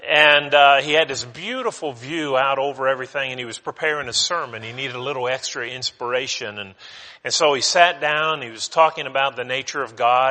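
A male preacher delivering a sermon in a relaxed, conversational way, restarting phrases as he goes. His voice is bright and forceful at a mid pitch. A long reverb trails after him in the church auditorium. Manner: conversational, with frequent restarts and fillers.

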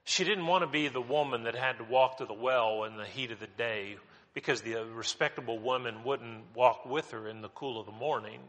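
A male pastor preaching a sermon in a church, emphatic and animated, repeating words as he builds his points. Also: mid-range voice, moderate pace. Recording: long hall reverb.

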